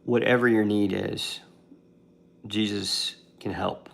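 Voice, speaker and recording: Creaky-voiced man retelling a Bible story. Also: on the low side, fairly even intonation, slow. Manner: conversational, with fillers and restarts. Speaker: devotional video host.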